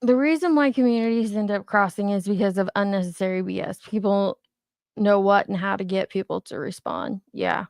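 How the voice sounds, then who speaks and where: This woman's mid-range voice is brisk and darkish, with vocal fry. In her thirties, she hosts a commentary channel and chats casually on a livestream while responding to viewer comments, with clean, echo-free studio sound.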